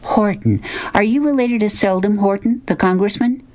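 A man voicing a fussy, high-strung mother who scolds her daughter in a storybook reading. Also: moderate pace, a little mellow, natural voice. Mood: exasperated. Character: fussy, exasperated Southern mother in heels.

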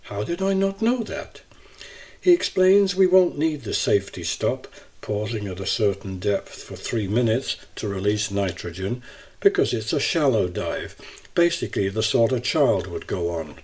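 Husky-voiced man reading a travel essay. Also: fairly low pitch, expressive, normal speed, a little mellow. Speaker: narrator.

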